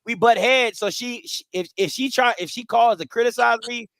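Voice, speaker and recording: A man's voice: extremely high pitch, moderate pace, fairly bright tone, dry recording. A man hosting a casual sports talk show, talking frankly and swearing freely. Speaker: podcast host.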